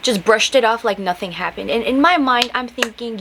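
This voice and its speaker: A woman's voice: on the high side, normal speed, hardly any pauses, a bit bright, slight background noise, low-quality recording. A young woman hosting a talk show, telling a story in a casual, heated way, full of fillers and rhetorical questions. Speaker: podcast host.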